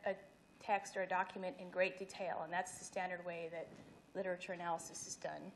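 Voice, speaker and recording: Woman, middle-aged, academic talk, explains slides, faint noise behind. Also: medium pitch. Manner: explanatory, with restarts and slide references. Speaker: speaker giving a talk. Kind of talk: academic presentation. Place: event hall.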